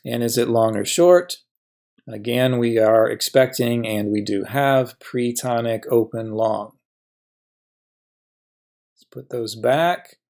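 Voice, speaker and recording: A man's voice: medium pitch, fairly even intonation, slow pace, pauses often, a little mellow. A man teaching a grammar lesson, patiently asking questions and then answering them himself. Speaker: Hebrew teacher.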